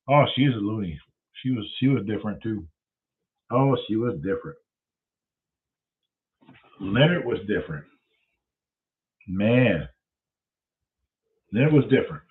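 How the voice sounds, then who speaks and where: Profane, animated storyteller man. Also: medium pitch, moderate pace, pauses often. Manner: profane, animated storyteller who acts out the voices. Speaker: host. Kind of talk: casual storytelling. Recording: tinny phone-like sound.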